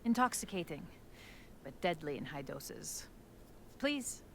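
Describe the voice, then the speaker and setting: A cool, intimidating schemer in a game who lingers slowly over her words. Her pitch swoops widely, with faint hiss behind her. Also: sing-song, vocal fry, heavily acted. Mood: silky. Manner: measured, theatrical, softly menacing. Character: composed, intimidating older woman, chess-master schemer.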